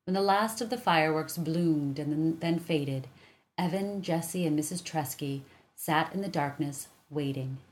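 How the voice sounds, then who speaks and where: A woman calmly reading a children's chapter book aloud as narrator. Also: sits low, a little slow. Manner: calm, even storytelling.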